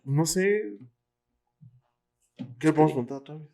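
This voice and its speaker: Male Mexican podcast host, teasing and fast, recorded from a distance. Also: a little high, dark tone. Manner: teasing, joking. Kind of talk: casual chat. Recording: off-mic, somewhat distant.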